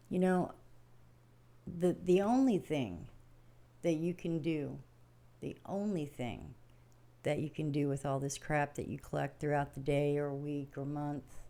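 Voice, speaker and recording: A woman's voice: low-pitched, dark tone. A middle-aged woman hosting a livestream, giving a casual, folksy spiritual talk that rambles and repeats itself, with frequent laughs. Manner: rambling, repetitive, laughs often; plain-spoken, folksy. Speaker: livestream host.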